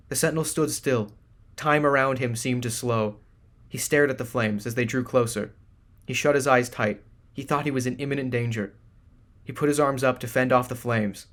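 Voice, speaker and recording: A man narrating a fantasy audiobook in a measured, even reading. His voice sits at an ordinary, middle pitch.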